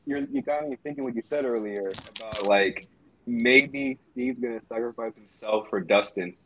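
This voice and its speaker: A man in casual podcast chat, relaxed, mostly giving short agreeing replies. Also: medium pitch, normal speed. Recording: muffled lo-fi sound.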